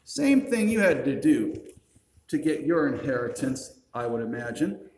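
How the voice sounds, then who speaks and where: A man's voice: mid-range voice, sing-song, a little slow, darkish tone, slight background noise. A male pastor preaching a sermon. He reasons step by step, asks rhetorical questions and adds dry, wry asides. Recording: roomy echo.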